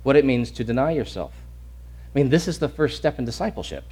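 Guy pastor preaching, mid-pitched voice, earnest and emphatic, keeps restarting and repeating himself. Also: lively intonation, fast, darkish tone, slightly rough. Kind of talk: sermon.

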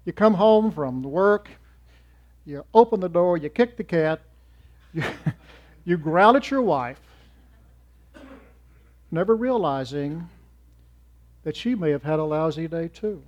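Man preaching with loud-soft swings. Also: a little high, animated, slow, long pauses. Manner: swings from loud emphatic rises to soft trailing drops. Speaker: church speaker. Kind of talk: sermon. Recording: muffled lo-fi recording.

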